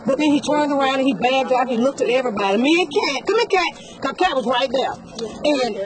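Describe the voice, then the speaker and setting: A woman's voice: sits high, expressive, brisk, low-quality recording. A woman, a customer witness recounting events in a rambling, conversational way for a news interview.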